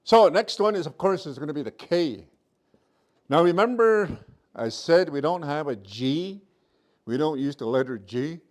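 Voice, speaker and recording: A man teaching a virtual language class, sounding out letters slowly, repeating each sound and checking in with his students often. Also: a little high, expressive, darkish tone. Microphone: computer mic on a video call.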